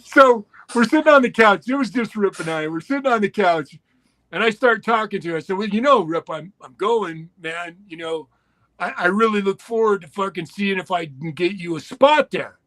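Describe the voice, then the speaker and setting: Older guy, raunchy storyteller, high voice, swears a lot, laughs through it. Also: lively intonation, moderate pace, fairly bright tone, dry recording. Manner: profane, laughing, acts out voices in stories. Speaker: guest storyteller. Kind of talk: crude casual storytelling.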